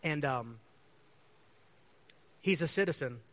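A man's voice: on the high side, expressive, slow pace, fairly bright tone. A man who is a pastor, telling stories in a chatty, rambling way and laughing often. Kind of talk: casual storytelling.

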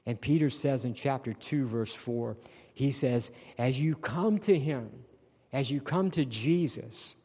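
A male pastor preaching a sermon, slowing down to stress key words of scripture. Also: medium pitch, warm tone, husky. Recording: long reverb of a large hall.

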